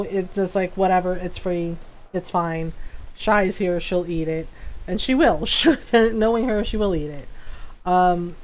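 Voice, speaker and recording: A middle-aged woman livestreaming a video game, chatting casually and telling family stories with frequent laughter. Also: medium pitch. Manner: chatty storytelling, laughs often. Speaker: game streamer.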